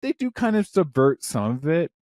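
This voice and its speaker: A man in his thirties co-hosting a podcast in casual chat, rambling and excitable, swearing often, with a parent's warmth about films. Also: fairly high pitch, moderate pace, dry recording, studio quality. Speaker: podcast co-host.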